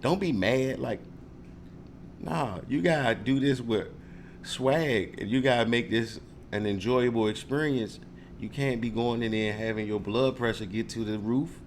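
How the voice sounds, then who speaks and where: A man talks casually to the camera, animated and joking, acting out confrontations with mock questions. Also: mid-range voice, a little slow, a little hiss or hum. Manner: animated, joking, mock-confrontational role-play with frequent laughs. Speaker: speaker giving advice to viewers.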